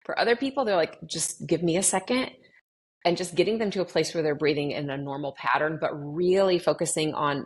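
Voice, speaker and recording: A woman's voice: deep voice, a little fast. A middle-aged woman talking casually in an interview, animatedly acting out conversations with clients and often restarting her sentences. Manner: animated, acts out quoted dialogue with clients. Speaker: guest sharing her experience with anxiety.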